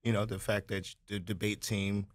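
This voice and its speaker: A man's voice: fairly low pitch, flat delivery, moderate pace, no room sound, clean studio sound. A man co-hosting a talk show jokes easily with his guests and reads out event announcements. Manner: easygoing, joking, reads announcements. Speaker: co-host. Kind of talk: casual discussion and event announcements.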